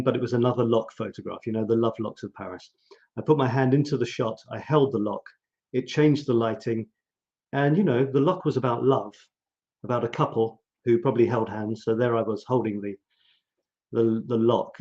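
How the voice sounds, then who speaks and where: A man's voice: medium pitch, dark tone, muffled recording. Chatty man hosting a live stream. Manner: chatty, musing, talks to viewers directly. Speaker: host of a live photography show. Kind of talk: casual live-stream chat.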